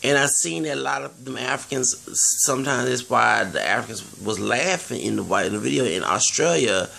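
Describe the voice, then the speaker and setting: Gravelly man, rambling vlog monologue, earnest, restarts a lot. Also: medium pitch, lively intonation, brisk, pushed and bright, a little hiss or hum. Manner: earnest, digressive, many restarts and fillers. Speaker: vlogger.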